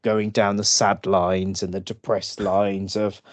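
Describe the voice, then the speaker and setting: A man co-hosting a relaxed podcast chat. His voice sits a little low and unhurried, and he laughs through his own stories. The sound is close and dry. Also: no echo, muffled recording. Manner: slow, laughing storytelling with acted drunk voices. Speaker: podcast co-host. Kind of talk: casual chat.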